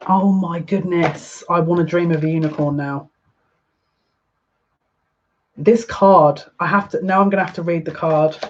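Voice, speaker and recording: Excitable woman giving a card reading. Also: fairly low pitch, unhurried, long pauses, lo-fi sound, slight background noise. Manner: excitable, gushing, easily overwhelmed. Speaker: psychic card reader. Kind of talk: casual live-streamed card reading.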